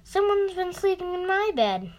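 A woman's voice: very high-pitched, very animated, moderate pace, darkish tone, pitched above the performer's own voice. A woman voicing a big roaring father bear in a storybook reading, exclaiming indignantly.

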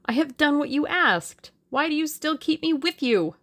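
A woman voicing a panicked man who has betrayed his gang, speaking in a frantic, shrill, urgent voice. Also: lively intonation, moderate pace. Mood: bitter, desperate. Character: panicked Russian man, a traitor in terror.

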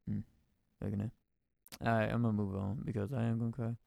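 Emotional young man with a gravelly voice. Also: on the low side, mellow, no echo, studio quality. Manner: emotional, rambling, slangy with many restarts. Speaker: podcast host. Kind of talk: casual personal storytelling.

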